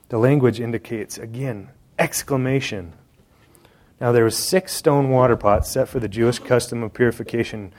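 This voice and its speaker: A man preaching a sermon, joking and talking straight to the congregation in an indoor hall. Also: medium pitch. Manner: conversational and joking, addressing the congregation directly.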